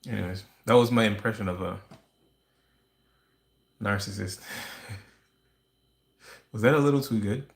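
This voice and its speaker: Gravelly low-voiced man ranting. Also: a little slow, long pauses. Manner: rambling, conspiratorial, with restarts and wry laughs. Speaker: livestream host. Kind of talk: casual ranting monologue. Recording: roomy echo.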